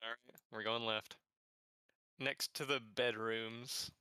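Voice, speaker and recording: A man's voice: mid-range voice, level tone, takes it slowly, bright, forceful tone, clean tone, no room sound. A man playing a tabletop game online, talking through plans and questions with the group. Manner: planning, then hammy put-on Irish brogue. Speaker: player. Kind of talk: tabletop game chat over voice call.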